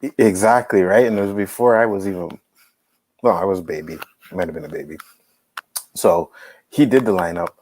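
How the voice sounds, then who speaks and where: A man's voice: sits low, a little fast, pauses often, a little mellow, rough recording. Laid-back man saying "bro" a lot. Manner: laid-back, says "bro" and "you know what I mean", lots of mm-hmms. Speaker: podcast co-host. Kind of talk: casual storytelling chat.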